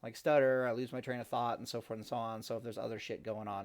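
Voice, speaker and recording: A man's voice: medium pitch, fairly even intonation, fast talker. A man ranting in a casual home-recorded monologue, profane and rambling, often restarting his sentences. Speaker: gaming vlogger. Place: home near a kitchen.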